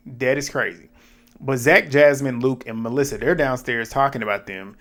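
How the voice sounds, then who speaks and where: A man giving casual reality TV recap commentary in an animated, blunt way, swearing and laughing at what happened. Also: mid-range voice, moderate pace.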